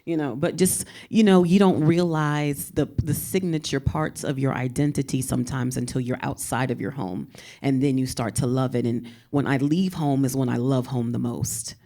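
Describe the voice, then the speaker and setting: A woman's voice: a bass voice, fairly even intonation, moderate pace, mellow. A poet from San Antonio speaking with a Texan twang, a woman chatting on a panel in a rambling way and laughing often. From San Antonio, Texas. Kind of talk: casual panel talk.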